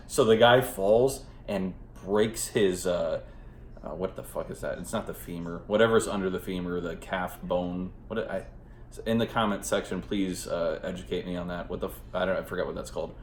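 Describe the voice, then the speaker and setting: A man with a very deep voice talks through a movie in a loose, unscripted way. He rambles, swears freely and leans on fillers like "uh" and "like". His voice echoes around the room, with a faint hiss behind it. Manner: rambling and profane, heavy on fillers. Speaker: movie reviewer. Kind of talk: casual spoken movie review.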